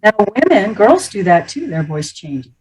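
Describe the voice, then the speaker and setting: A middle-aged woman voice coach teaching about the speaking voice, animated and playful, often demonstrating how others talk. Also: mid-range voice, normal speed, breathy edge, low-quality recording.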